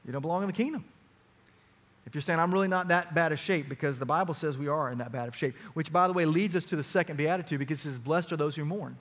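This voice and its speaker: A man's voice: a little high, fast talker, fairly bright tone. A middle-aged man preaching a sermon in a church, earnest and pressing, his voice climbing as he drives each point home. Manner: earnest, rising to emphatic urgency. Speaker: pastor.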